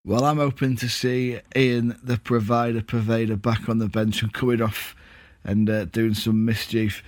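A man co-hosting a casual football podcast from home, jokey and quick to laugh at himself. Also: fairly low pitch, flat delivery, no room sound. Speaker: podcast co-host. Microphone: recorded at home.

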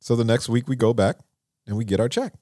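A man telling stories as an interview guest in a recording studio, animated and acting out what people said. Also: fast talker, dry recording. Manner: animated, acts out quotes with lively pitch. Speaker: songwriter and producer, interview guest. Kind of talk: conversational storytelling.

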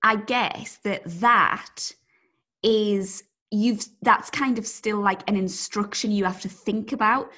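A woman's voice: medium pitch, steady tone, takes it slowly, pushed and bright. A woman chatting casually as podcast co-host, talking hesitantly with many fillers. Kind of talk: casual chat.

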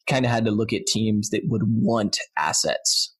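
A man's voice: lowish voice, measured pace, breathy edge. A man co-hosting a sports podcast in casual chat, loose and talkative with frequent restarts. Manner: chatty, loose, lots of "like" and restarts. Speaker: podcast co-host.

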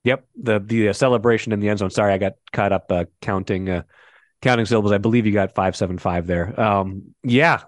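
A man's voice: lowish voice, fairly quick, dry recording, clean studio sound. A man hosting a casual sports podcast, chatty and teasing, often restarting his sentences. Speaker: podcast host.

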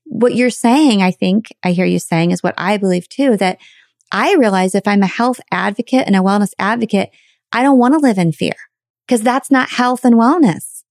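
A middle-aged woman hosts a casual interview podcast, chatty and candid with a self-mocking streak. Her voice sits at an ordinary pitch and sounds dry and close, with no room around it. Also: moderate pace, a little mellow, dry recording. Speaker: podcast host.

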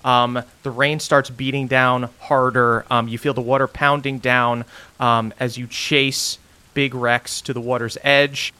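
Bright-voiced man running a tabletop game. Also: medium pitch, flat delivery, a little slow, smooth. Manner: casual, many ums and uhs. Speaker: game master.

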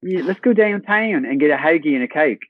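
Man doing a breezy Baltimore local, raised pitch, folksy drawl. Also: expressive, fairly quick, a bit bright, no echo, poor audio. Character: chatty man with a Baltimore accent.

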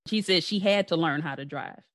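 A woman's voice: fairly low pitch, a little fast. A woman hosting a podcast, chatting casually and laughing easily with her guest. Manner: laughs often, relaxed storytelling. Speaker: podcast host. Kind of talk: casual chat.

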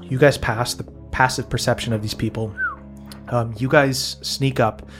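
A man's voice: medium pitch, fairly even intonation, normal speed, over music. Laid-back male game master. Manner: casual, laughing, many fillers. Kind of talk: narrating a tabletop game.

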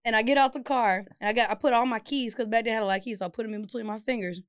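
A young woman with a slightly high voice tells a story on a casual chat podcast. She is animated and profane, and breaks into loud outbursts now and then. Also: rapid-fire, clear, resonant tone. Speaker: podcast co-host.

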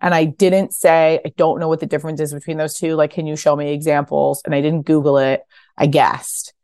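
A woman in her thirties, a fashion founder guesting on a podcast, telling stories casually and acting out quotes with bursts of high voices. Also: flat delivery, fairly quick, darkish tone, no echo. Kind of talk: casual interview storytelling.

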